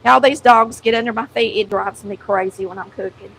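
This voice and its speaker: With a country Southern accent, a woman hosts a cooking show from her home kitchen, talking folksily to viewers as she cooks. She speaks fairly quickly in a slightly high, gravelly, a bit bright voice, and the audio is poor.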